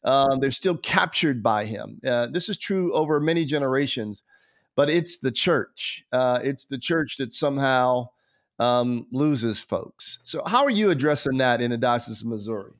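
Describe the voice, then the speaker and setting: A man hosting a faith interview, reflective and halting, with many restarts and fillers. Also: medium pitch, lively intonation, fairly bright tone. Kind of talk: conversational interview.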